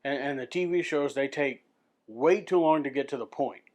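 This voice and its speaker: A man rants straight into his camera mic in a loose, unscripted vlog. His voice sits at an ordinary middle pitch. He swears a lot and keeps tripping over his words as he restarts his sentences. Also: normal speed, darkish tone. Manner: profane, restless, repeats and restarts words. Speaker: vlogger.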